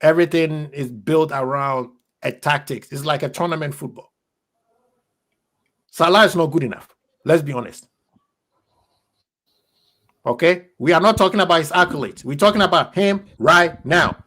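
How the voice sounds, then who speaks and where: A man's voice: a little high, moderate pace, long pauses, fairly bright tone. A man hosting a heated fan debate on football, blunt and emphatic, hammering his points home. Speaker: football podcast host.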